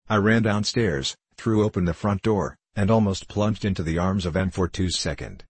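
A man reads a classic story aloud in a measured, wry manner, his voice low and husky. The recording is dry and close, with no room sound. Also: dry recording. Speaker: narrator. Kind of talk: audiobook reading of a classic story.

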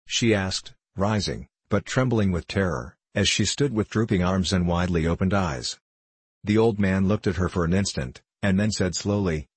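A man narrating an audiobook in a measured, steady way. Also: sits low, slightly rough, no room sound.

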